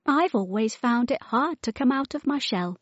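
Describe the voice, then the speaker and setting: A woman voicing a lonely, shy male hermit crab who talks quietly and gently. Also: on the high side, animated, moderate pace, breathy edge, no echo, lo-fi sound, voice pushed up. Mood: gentle.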